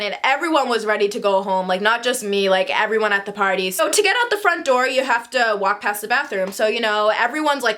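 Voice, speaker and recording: Young woman, casual storytime vlog, dramatic, acts out quotes, bright tone. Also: medium pitch. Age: 20s. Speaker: vlogger.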